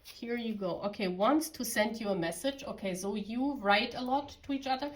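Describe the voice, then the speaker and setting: A woman's voice: on the high side, moderate pace, rough recording. Chatty giggly woman from Germany. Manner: chatty, giggly, talks straight to viewers. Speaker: tarot reader. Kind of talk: casual pick-a-card tarot reading.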